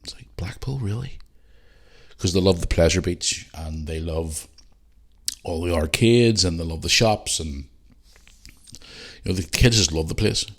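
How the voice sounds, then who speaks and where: A middle-aged man with a Northern Irish accent hosting a podcast, rambling and swearing, and growing heated and loud. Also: low voice, fairly even intonation, measured pace, pauses often. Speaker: podcast host. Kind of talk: casual monologue.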